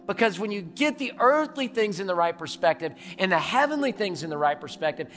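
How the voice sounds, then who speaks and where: Impassioned pastor preaching in a reverberant hall. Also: male voice, sits high, sing-song, fairly quick, hardly any pauses, faint music behind. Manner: impassioned, swings from loud to hushed. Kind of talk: sermon.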